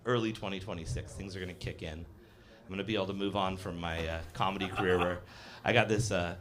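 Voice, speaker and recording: A man's voice: deep voice, fairly even intonation, quick pace, fairly bright tone. A man in his fifties doing a live stand-up set, rambling and self-deprecating, full of fillers and acted-out voices. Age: 50s. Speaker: stand-up comedian. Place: live comedy cafe stage.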